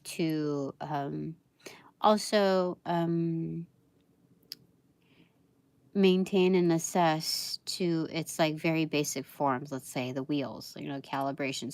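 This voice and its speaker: A woman reading tarot cards on a live stream, talking in a meandering, halting way full of fillers, with soft laughs between thoughts. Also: sits low, smooth, no room sound. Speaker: tarot reader.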